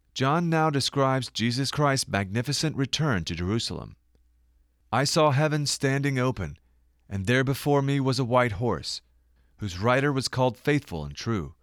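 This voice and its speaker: A man giving scripted Bible-teaching narration, reading scripture dramatically and citing verses more quietly. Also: medium pitch, no room sound, studio quality.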